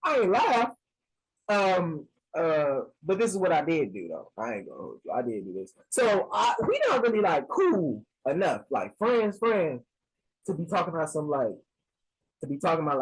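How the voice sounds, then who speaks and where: Husky young male storyteller, casual slangy delivery, big swings in pitch. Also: normal speed, rough recording. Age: young adult. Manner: animated, slangy, acts out both sides of the call.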